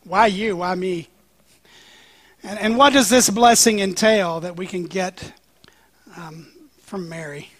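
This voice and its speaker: A man's voice: sits high, slow pace, long pauses, no room sound. A male pastor preaching a sermon in a conversational, joking way, with frequent "um"s.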